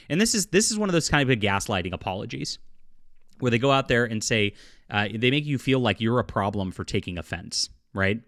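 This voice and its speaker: A man hosting a solo opinion commentary, indignant and sarcastic, often restarting his sentences and filling pauses. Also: mid-range voice, expressive, a bit bright, no room sound, studio quality. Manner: indignant and sarcastic, with frequent fillers and repeated restarts. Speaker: political commentary host.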